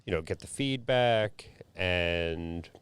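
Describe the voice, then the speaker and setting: Deep-voiced man speaking haltingly. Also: expressive, a bit bright, clear, resonant tone, no echo. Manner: halting, with pauses and fillers. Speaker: podcast guest, baker. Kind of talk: casual chat.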